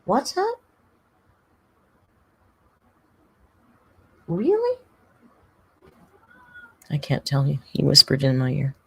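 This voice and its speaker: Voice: mid-range voice, vocal fry, no echo. A livestreamer in casual, rambling chat, reading viewer comments aloud and talking to a pet cat between them. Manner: reads viewer comments aloud and thanks members; frequent laughter and filler words.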